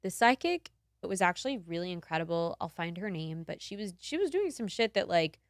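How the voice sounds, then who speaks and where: A woman in her twenties, a podcast host, telling a story in casual chat, animated and laughing, acting out the quotes. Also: fairly low pitch, fairly quick, dry recording, clean studio sound.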